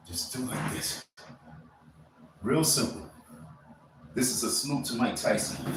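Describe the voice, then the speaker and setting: A man hosts a casual live stream with a rambling, slangy pep-talk delivery, and his voice sits in a mid register. The room around him rings with echo. A faint ambient hum stays in the background. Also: mid-range voice. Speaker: livestreamer. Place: indoor room.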